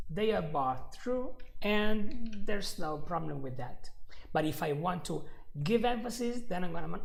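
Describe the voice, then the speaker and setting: A man's voice: high voice, creaky. A man teaching a live online English lesson, patiently repeating example sentences, joking lightly and talking to viewers in the comments.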